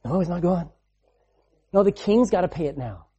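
Mellow-voiced preacher delivering a dramatic sermon. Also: male voice, sits high, animated, moderate pace, slightly rough, highs cut off. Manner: dramatic swings between loud and hushed delivery; repeats phrases for emphasis.

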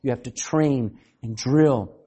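A man's voice: mid-range voice, takes it slowly, slightly rough. A male pastor preaching a sermon, asking the congregation questions, laughing often and acting out quoted voices. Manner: animated, asks the congregation questions.

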